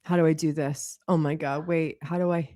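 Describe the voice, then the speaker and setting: A woman's voice: low-pitched, steady tone, moderate pace, dark tone, no echo, studio quality. A woman hosting a livestream gossip show, commenting in a profane, sarcastic, mocking manner. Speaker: host.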